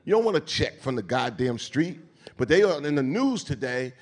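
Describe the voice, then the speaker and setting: A man with a New York accent speaks on stage at an event. He talks in an animated, sermon-like way, loaded with street slang and casual profanity. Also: medium pitch, normal speed. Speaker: keynote speaker. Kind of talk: onstage conversation. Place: event stage before an audience.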